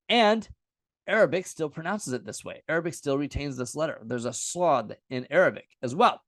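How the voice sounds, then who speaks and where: A man's voice: a little high, no echo. A man teaching a casual lesson at a whiteboard, playful and jokey, repeating sounds aloud as he writes. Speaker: Bible teacher.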